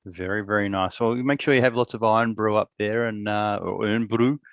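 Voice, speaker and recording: A man, co-hosting a casual podcast chat in a relaxed, rambling way with frequent restarts. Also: lowish voice, a little fast, creaky, no room sound, highs cut off. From Australia. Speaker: podcast co-host.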